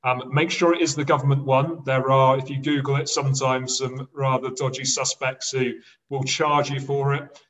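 A man's voice: medium pitch, little pitch movement, moderate pace, fairly bright tone, far from the mic, poor audio. A man with a mid-range voice, heard a little away from the microphone, talks as a podcast guest. He explains things eagerly and conversationally. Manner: enthusiastic, explanatory. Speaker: podcast guest, pensions specialist. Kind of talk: casual interview chat.

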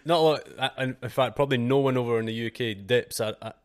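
A man's voice: medium pitch, fast. A man from the United Kingdom hosting a podcast, chatting casually with slang and hesitant restarts. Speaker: podcast host. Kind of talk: casual interview chat.

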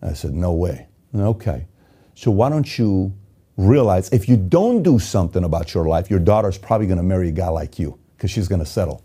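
A man from Iran giving an intense motivational monologue, swinging between loud urgency and quiet emotion. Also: fairly low pitch, very animated, fairly quick, breathy edge. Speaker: motivational speaker.

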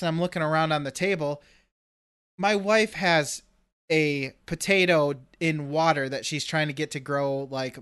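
A man co-hosting a podcast, telling an animated story in casual chat and acting out his own reactions. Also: a little high, clean tone, dry recording, clean studio sound. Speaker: podcast co-host.

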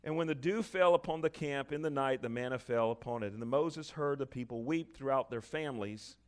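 A man preaching a sermon, reading scripture aloud and breaking off into lively, chuckling asides. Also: medium pitch, a little fast, smooth.

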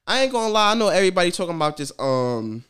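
A man's voice: high-pitched, sing-song, rapid-fire, fairly bright tone, clear, resonant tone. A man co-hosting a podcast, telling stories in slangy, profane casual chat. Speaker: podcast co-host.

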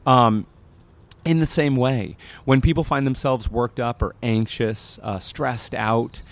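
Animated man telling stories casually. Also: mid-range voice, slow. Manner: animated storyteller, frequent fillers. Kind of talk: casual conversation.

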